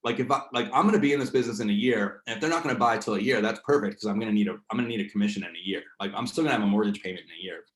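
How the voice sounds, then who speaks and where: A man's voice: lowish voice, rapid-fire, few pauses, echoey room. Casual slangy man with New Jersey accent. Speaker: host leading a real estate training session. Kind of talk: casual coaching talk.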